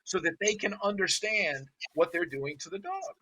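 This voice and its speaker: A blunt man dog trainer hosting a casual podcast chat, with a forceful voice that is also rough and husky. He tells his stories animatedly and swears without holding back. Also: high-pitched, moderate pace. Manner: blunt, animated storyteller who swears freely.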